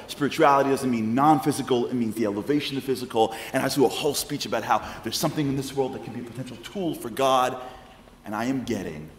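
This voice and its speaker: Animated New York man in an echoey hall. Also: mid-range voice, a little hiss or hum. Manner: animated, comic storytelling with acted-out quotes. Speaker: public speaker. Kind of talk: storytelling lecture. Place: large congregation hall with audience.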